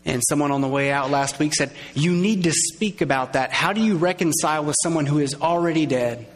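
A man's voice: a little high, brisk. Man preaching in a reverberant hall. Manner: conversational, acts out quoted voices, engages audience. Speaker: pastor. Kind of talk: sermon. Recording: long reverb of a large hall.

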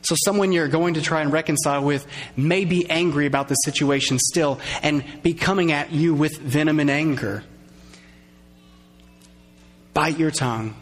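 A man's voice: fairly high pitch, fairly quick. Man preaching in a reverberant hall. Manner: conversational, acts out quoted voices, engages audience. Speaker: pastor. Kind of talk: sermon. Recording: long reverb of a large hall.

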